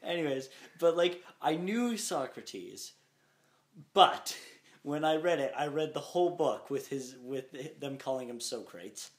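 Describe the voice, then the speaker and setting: A man's voice: a little high, animated, measured pace. A young man co-hosting a podcast in casual chat, rambling and laughing often. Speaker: podcast co-host. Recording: echoey room, faint noise.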